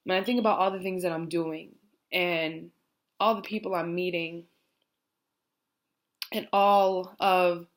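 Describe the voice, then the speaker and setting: Young american woman vlogging, kinda low voice, lots of "like" and "you know", thoughtful. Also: fairly even intonation, measured pace, long pauses. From United States. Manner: reflective, rambling with many fillers. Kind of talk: heartfelt personal vlog talk.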